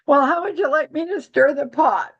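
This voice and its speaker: A woman's voice: high voice, moderate pace, muffled recording. A woman hosting a casual astrology chat, rambling with many restarts and dry, giggly humor. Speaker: astrology podcast host.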